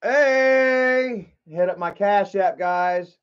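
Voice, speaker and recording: A man's voice: high voice, extremely slow, clean tone, highs cut off. A man livestreaming in casual chat, rambling and profane, with lots of filler words.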